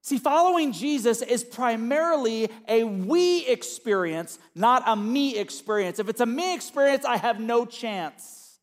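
High-pitched pastor guy preaching, goes quiet then loud and punchy. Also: animated, a little slow. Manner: swings from hushed, low reflection to loud, emphatic calls. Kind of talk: sermon.

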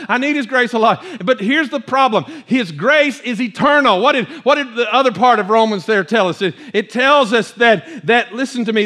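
A male pastor delivers a fervent sermon in a strikingly high, bright voice. He repeats himself as he builds and pushes toward near-shouts, speaking to a congregation in church.

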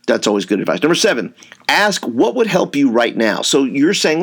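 A man's voice: on the high side, sing-song, a little fast. A man giving an informal training talk to youth workers, rambling, with frequent fillers and repeated words. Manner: says he tends to raise his voice.

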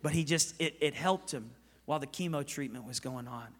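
A man's voice: medium pitch, a little fast. Impassioned preacher man in a ringing hall. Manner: impassioned storytelling, swinging between loud and hushed. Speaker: guest pastor. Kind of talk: sermon. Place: large church auditorium. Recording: long reverb of a large hall.

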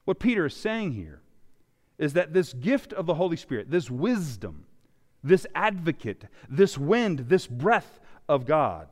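A male pastor preaching a sermon, with animated emphasis that swings loud and soft. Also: on the high side, unhurried. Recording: long reverb of a large hall.

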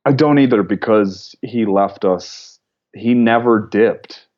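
A man as a podcast guest, talking casually in a relaxed way and laughing often. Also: fairly low pitch, takes it slowly. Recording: dull lo-fi mic.

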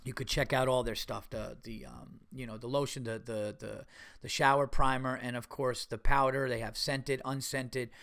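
A man's voice: mid-range voice, level tone, normal speed, creaky, fairly bright tone. A man hosting his own podcast in casual solo talk, rambling and swearing, with lots of fillers and restarts. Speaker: podcast host.

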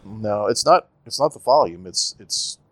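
A man's voice: on the low side, expressive, moderate pace, fairly bright tone, no room sound. A man co-hosting a podcast in a laid-back, chuckling casual chat. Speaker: podcast co-host.

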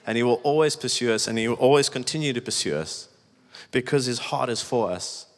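Pastor preaching in echoey hall. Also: male voice, medium pitch, lively intonation, fairly quick. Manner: conversational, emphatic preaching with many "like"s. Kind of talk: sermon. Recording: echoey hall with long reverb.

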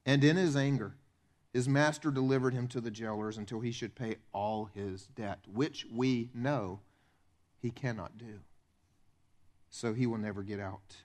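A man preaching a sermon as pastor in a church, animated and conversational, acting out the voices of the people in his stories. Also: normal speed. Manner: animated, acts out quoted voices with big pitch swings.

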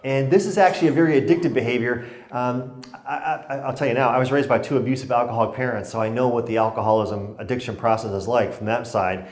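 A man's voice: mid-range voice, fairly even intonation, fast. A man giving a workshop talk on stress in a conversational, joking way, acting out the exchanges he quotes. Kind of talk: lecture with anecdotes. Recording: roomy hall sound.

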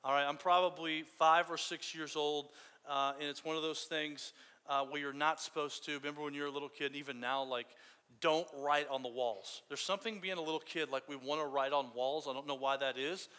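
A man preaching a casual, story-driven sermon, his voice bright and a touch higher than most. The sound rings with a long hall reverb behind him. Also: steady tone, brisk, smooth.

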